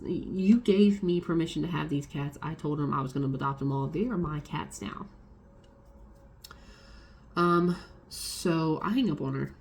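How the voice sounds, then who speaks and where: A young woman vlogger telling a personal story in a casual, animated way, swearing freely and acting out the people she quotes. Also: low-pitched, vocal fry, slight background noise.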